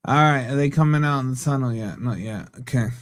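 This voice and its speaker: A man hosting a live football watch-along stream from a home setup. He banters with viewers and gives them shout-outs. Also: medium pitch, brisk, dry recording, clean studio sound. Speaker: fan channel host.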